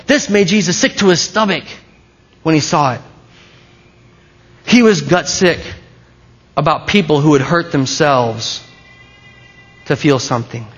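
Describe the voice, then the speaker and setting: In a somewhat dull, lo-fi recording, a pastor gives a sermon with a breathy edge to his slightly high voice. His style is loose and conversational, and he keeps cutting off sentences and starting them over.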